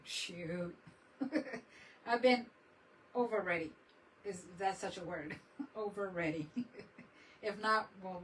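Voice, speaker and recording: A woman's voice: a little high, sharp tone, recorded from a distance, slight background noise, low-quality recording. A woman chatting casually on a crafting livestream, laughing often and mixing Spanish words into her English.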